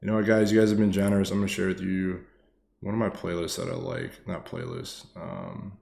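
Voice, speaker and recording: A man gives casual live-stream stock chart commentary, excitable and loose, swearing freely and tagging lines with "man" and "okay." His low voice has vocal fry and moves fairly quickly, in an echoey room with slight background noise.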